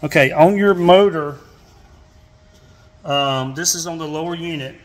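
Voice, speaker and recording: A man's voice: a little high, unhurried, slight background noise. A man from Georgia with a Southern accent, casually walking through a hands-on repair and talking folksily with lots of "y'all" and fillers. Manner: folksy, says "y'all" often, many fillers and restarts. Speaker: fishing channel host. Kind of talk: casual how-to demonstration.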